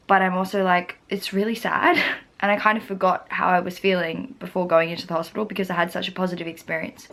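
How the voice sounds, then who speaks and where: A woman's voice: fairly low pitch, gravelly, fairly bright tone. A young woman speaking straight to her camera in an earnest, heartfelt way. She is open with her audience and often scatters "like" through her sentences. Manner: uses many "like" fillers. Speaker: vlogger. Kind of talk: personal vlog talk to camera.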